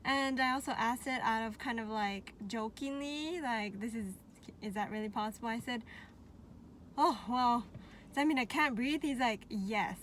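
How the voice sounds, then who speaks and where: A high-pitched woman talks casually to her viewers in a chatty, animated way. She laughs often and sounds a little out of breath, with faint noise in the background. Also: normal speed. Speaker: vlogger. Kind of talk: casual talk to camera.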